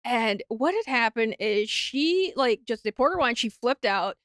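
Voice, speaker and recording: Animated Midwestern woman telling a comedy story. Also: fairly high pitch, a little slow, no echo, clean studio sound. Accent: Upper Midwest American. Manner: animated storyteller, acts out quotes, laughs often. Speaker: comedian guest. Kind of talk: casual podcast chat.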